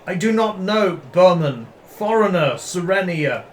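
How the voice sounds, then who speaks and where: A man playing a halting, apologetic foreigner. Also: high voice, expressive, a little hiss or hum, voice pushed up. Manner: stiff, formal, halting apologies. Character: polite foreign male traveler, apologetic, halting speech.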